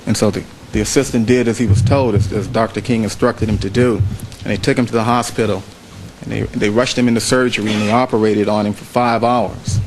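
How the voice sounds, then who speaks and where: A trial lawyer giving a closing argument to a jury in a courtroom, speaking in a measured way and repeating phrases for emphasis. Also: male voice, lowish voice, steady tone, noisy background.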